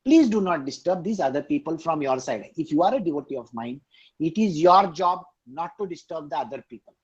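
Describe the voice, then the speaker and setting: A man's voice: on the high side, animated, fairly quick, breathy edge, muffled recording. A man giving an emphatic scripture discourse over a video call, repeating key lines and asking his listeners questions. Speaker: spiritual teacher. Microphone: online video call.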